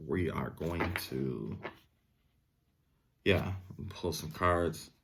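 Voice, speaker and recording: A young adult man giving a casual tarot reading in a relaxed, rambling way, full of fillers and asides. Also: very deep voice, extremely slow, vocal fry, husky. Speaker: tarot reader.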